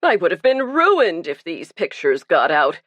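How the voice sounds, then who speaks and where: A woman's voice: lowish voice, big pitch swings, measured pace, a bit bright, no room sound, highs cut off, full character voice. A woman reading the part of a guilt-ridden, burly male pastor who confesses earnestly and pleads for himself. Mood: pleading.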